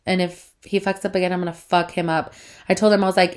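Fast and level in tone, a lowish-voiced woman of about thirty hosts a casual solo podcast. She rambles and swears chattily, her voice congested and stuffed-up as she breathes through her mouth.

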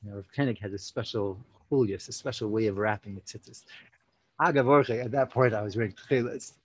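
A man's voice: fairly low pitch, brisk, breathy edge, no room sound, poor audio. A young man, telling a personal story casually many fillers, acting out quotes. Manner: animated, full of 'you know, like' fillers, acts out quotes.

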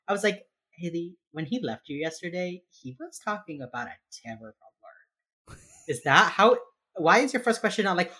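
Low-voiced woman recapping a TV episode. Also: big pitch swings, normal speed, a bit bright. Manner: rambling recap with lots of "like", acts out characters. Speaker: podcast co-host. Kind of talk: casual chat, recapping an episode.

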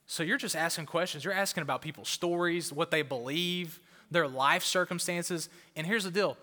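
A man's voice: fairly high pitch, moderate pace, sharp tone. A male pastor preaching a fired-up sermon to a crowd in a church auditorium, often repeating words for emphasis. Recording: long hall reverb.

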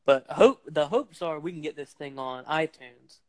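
This young podcast host has a fairly high voice with lively intonation and speaks at a normal speed. His casual chat rambles playfully, packed with fillers, and is recorded on a phone microphone.

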